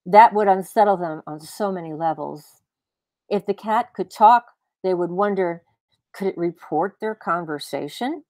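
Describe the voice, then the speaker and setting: A woman author reading her own fiction aloud in a brisk, expressive way. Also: lowish voice, no room sound.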